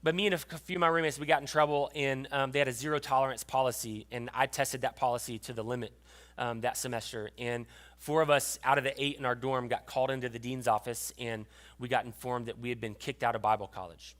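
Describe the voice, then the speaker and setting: A young adult man giving a sermon as pastor, telling a personal story with emotion and often dropping to a hushed voice. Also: mid-range voice, fairly even intonation, fast. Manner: storytelling, emotional, drops to a hushed voice at tender moments.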